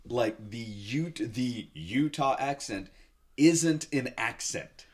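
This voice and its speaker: A man who acts and does voice work, chatting on a podcast in a fast, animated way and enunciating clearly. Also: mid-range voice. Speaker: podcast co-host, actor and voice actor. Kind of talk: casual chat.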